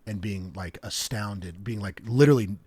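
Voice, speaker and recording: Chatty man rambling with animated enthusiasm. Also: lowish voice, normal speed, breathy edge, no echo. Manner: rambling, animated storyteller with many fillers. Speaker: podcast co-host. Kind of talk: casual chat.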